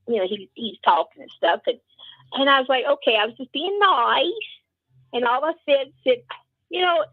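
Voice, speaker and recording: A woman co-hosting a casual show, telling funny everyday stories in an animated, laughing way. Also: high voice, no echo. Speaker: co-host. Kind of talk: casual storytelling chat. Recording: tinny phone line.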